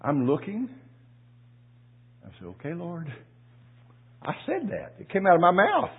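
A husky-voiced male pastor preaches in a folksy, story-telling way, stumbling over repeated words before building to loud cries of praise. His voice sits a little high for a man. The audio is thin and narrow, like a phone recording. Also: huge pitch swings, normal speed. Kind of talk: sermon with storytelling.

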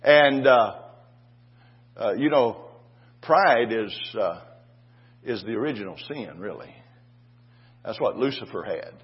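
Older preacher with a husky voice. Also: male voice, mid-range voice, lively intonation, slow pace, long pauses, lo-fi sound. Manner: folksy, restarts with "and, uh", asks "Amen?" of the congregation. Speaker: pastor. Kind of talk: sermon.

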